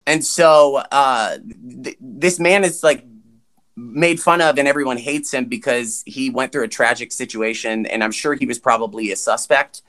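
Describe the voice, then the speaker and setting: A man with a bright, forward voice chats casually through a movie recap as a podcast co-host. He jokes, swears, and slips into quick impressions of the characters. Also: medium pitch. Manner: jokey, swearing, acts out characters' lines.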